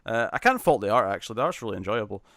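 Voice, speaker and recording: A man co-hosting a casual comics podcast, chatty and quick to laugh, often restarting his sentences. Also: lowish voice, big pitch swings, a bit bright. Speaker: podcast co-host.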